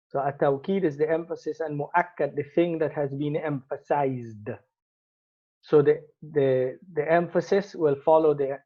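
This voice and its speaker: A man teaching Arabic grammar from Quranic verses, patiently explaining and repeating words for emphasis. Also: on the high side. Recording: tinny phone-like sound.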